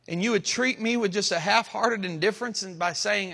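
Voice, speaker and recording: Man pastor preaching, high voice, big echoey church sound. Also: vocal fry, sharp tone. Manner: preaching with surging emphasis and dramatic pauses. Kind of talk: sermon. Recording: long hall reverb.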